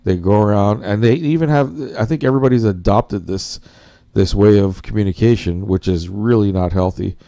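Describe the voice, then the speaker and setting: A man with a low, warm, mellow voice hosts a casual reaction commentary. He rambles and talks straight to his viewers, often calling them guys as he searches for words and corrects himself along the way. The sound is dry and close, with no room echo. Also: normal speed. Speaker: commentary host.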